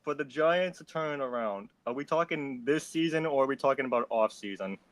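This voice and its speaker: Blunt halting man talking baseball. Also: mid-range voice, animated, no echo. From Massachusetts. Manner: halting, repeats words, blunt predictions. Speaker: guest panelist. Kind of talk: casual sports talk stream.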